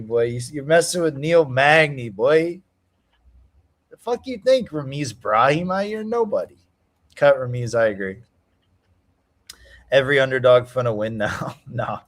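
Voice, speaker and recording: A young male stream host talking fight picks in casual, slang-heavy chat. His pitch swings widely as he hypes and trash-talks. He breaks into loud cheering when the action turns his way. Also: expressive, moderate pace, pauses often. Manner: hyped, slangy trash talk, shouting at fight moments.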